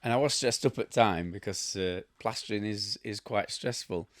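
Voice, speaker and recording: Low-voiced, blunt Yorkshireman. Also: normal speed, no echo, clean studio sound. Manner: rambling storyteller, chuckling, blunt asides. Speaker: host. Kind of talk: casual chat to camera.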